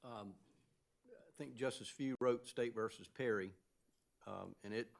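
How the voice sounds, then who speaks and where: A man serving as an appellate justice, questioning counsel from the bench in a halting, measured way, with many fillers and restarts. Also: mid-range voice, gravelly. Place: appeals courtroom.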